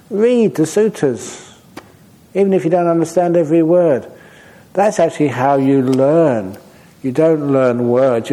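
A man, a Buddhist monk answering audience questions in a dharma talk, humorous and anecdotal in an unhurried way. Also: medium pitch, dark tone, poor audio. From Australia.

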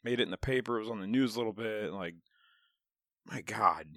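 A man's voice: lowish voice, brisk, dry recording, clean studio sound. A man in casual podcast chat, telling stories with lots of swearing and laughter. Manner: animated storyteller, swears a lot, laughs often.

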